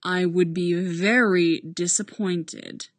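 A stern male captain who speaks slowly and formally, with a flat, deadpan weight, as a woman reader puts him on. The delivery is unhurried and precise. The recording is dry and close. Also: mid-range voice, no room sound. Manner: slow, measured, deadpan.

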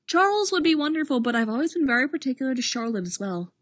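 An overeager man who gushes with breathless sincerity, as a woman reader puts him on. His voice rides high and lively, swooping up on every heartfelt word. The recording is close and dry. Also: fast, no echo. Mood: gushing. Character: gushing emotional man, loyal overeager friend.

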